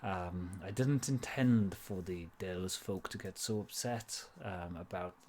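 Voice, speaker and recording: A man's voice: low voice, unhurried, darkish tone, a little hiss or hum. Balin, a man doing an old dwarf lord in mock Welsh. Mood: regretful. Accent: put-on Welsh. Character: old male dwarf lord, kindly and weary.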